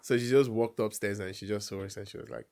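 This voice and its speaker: A man's voice: lowish voice, quick pace, gravelly. Young Nigerian man telling a story. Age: young adult. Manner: animated storyteller, acts out family dialogue with laughs. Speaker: guest. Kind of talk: casual storytelling chat.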